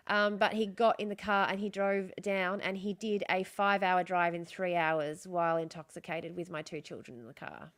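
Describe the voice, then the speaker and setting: An Australian woman speaks candidly to her livestream audience at a mid-range pitch. She runs her sentences together and repeats key phrases for emphasis, like someone retelling a story she has told before. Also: moderate pace. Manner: frank, repeats herself, talks in run-on retellings. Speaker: streamer host.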